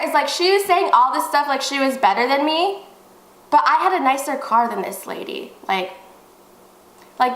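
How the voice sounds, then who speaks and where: Animated high-voiced young woman. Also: normal speed, reverberant, poor audio. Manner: animated, expressive, swears freely. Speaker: beauty vlogger. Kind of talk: casual storytime.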